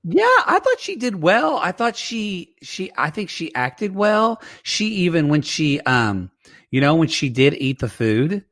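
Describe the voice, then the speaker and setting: A man's voice: on the high side, big pitch swings, a little slow, fairly bright tone, no echo, clean studio sound. Wry man podcast co-host. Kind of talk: casual chat recapping a TV show.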